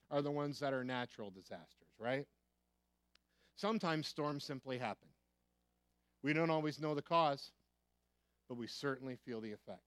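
Smooth-voiced American preacher man. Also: mid-range voice, no room sound. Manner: emphatic, repeats key phrases, asks rhetorical questions. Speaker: pastor. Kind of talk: sermon.

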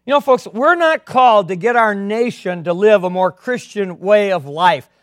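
A man preaching a sermon as a pastor, earnest, swinging between emphatic and quiet delivery. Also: high-pitched, moderate pace, dry recording, clean studio sound.

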